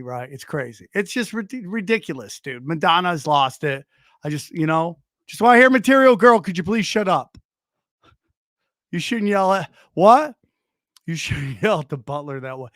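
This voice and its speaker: A man hosting a comedy podcast, reacting to videos in an excitable, swearing rant and breaking off now and then to scold his dog. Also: fairly high pitch, no room sound. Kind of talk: casual comedic commentary.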